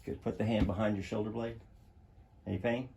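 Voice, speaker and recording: A man's voice: fairly low pitch, fairly even intonation, fairly quick, creaky, noisy background. A man working as a chiropractor, coaching a patient through treatment with short, encouraging, repeated commands in a treatment room.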